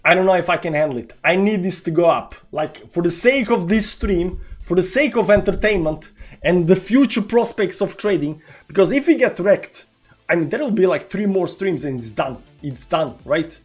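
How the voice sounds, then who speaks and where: A man's voice: high-pitched, moderate pace, breathy edge. Dramatic trading streamer, man, music behind. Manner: swings between groaning despair and excited cheering; dramatic, self-mocking, talks to chat. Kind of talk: live-stream commentary on a trading chart.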